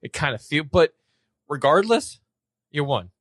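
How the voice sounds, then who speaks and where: A man co-hosting a podcast in casual chat, halting and trailing off mid-thought. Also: a little high, very animated, no echo. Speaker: podcast co-host.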